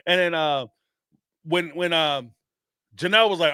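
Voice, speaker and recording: High, animated man on a dry mic. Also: measured pace, clear, resonant tone, no room sound. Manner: animated, emphatic, repeats points for effect. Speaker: host of a reality TV commentary channel. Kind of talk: casual live commentary.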